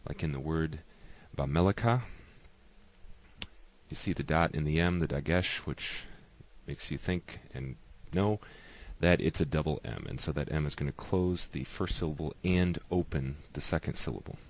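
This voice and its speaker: A man with an exceptionally deep, low voice walks through a lesson. He talks patiently and explains step by step, repeating each example so it sinks in. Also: moderate pace. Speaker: teacher.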